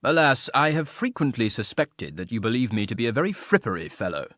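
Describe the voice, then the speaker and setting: A man's voice: mid-range voice, big pitch swings, fairly quick, fairly bright tone, dry recording, clean studio sound. A man reading an audiobook voices an idle, teasingly ironic aristocratic marquis who talks in a mock-mournful drawl.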